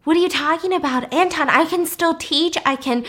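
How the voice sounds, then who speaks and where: A bitter young cellist, pleading and insistent, her voice pushed up high and loud, as a woman acts her out in a film recap. The rant climbs well above the speaker's usual pitch and comes out forceful and shrill. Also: animated, slow, husky, full character voice.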